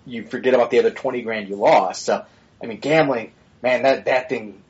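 A man's voice: lowish voice, highs cut off. A man co-hosting a podcast in casual, opinionated chat, blunt and swearing freely with rambling asides. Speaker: podcast co-host.

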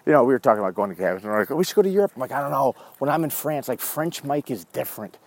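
A man's voice: mid-range voice, animated, very fast, creaky. A man in his forties hosting his own show, talking in a rambling, profane casual monologue while walking a dog. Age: 40s. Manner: rambling, profane, wanders off track. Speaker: show host.

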